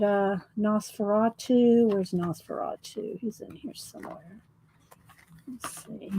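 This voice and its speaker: A woman's voice: a little high, a little mellow, low-quality recording. A woman chatting casually and rambling while she flips through her artwork, a little out of breath. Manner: chatty, rambling, says y'all. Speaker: artist vlogger.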